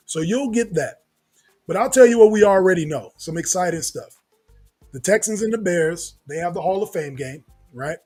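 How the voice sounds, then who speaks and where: A man hosting a sports podcast in a casual, animated, slangy manner, laughing often. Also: a little high, breathy edge. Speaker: podcast host.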